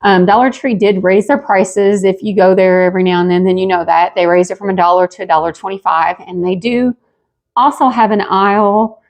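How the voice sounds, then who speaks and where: A woman's voice: mid-range voice, fairly even intonation, fairly quick, a little mellow. A woman hosting a pottery channel, talking casually with lots of fillers and sounding a bit out of breath. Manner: chatty, homey, many fillers. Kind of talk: casual haul vlog.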